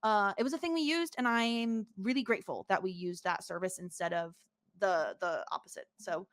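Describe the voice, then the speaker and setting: A woman co-hosting a podcast, talking in a casual, halting way with lots of fillers. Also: medium pitch, no echo. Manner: halting, filler-heavy, earnest. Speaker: podcast co-host. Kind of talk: casual chat.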